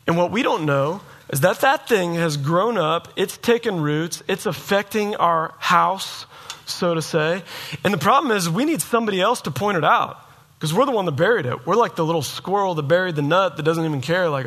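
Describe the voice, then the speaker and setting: A man preaches with a bright, forceful voice that sits a little high for a male speaker. He talks casually and tells a personal story, slipping into the voices of the people in it. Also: lively intonation, fairly quick. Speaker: pastor.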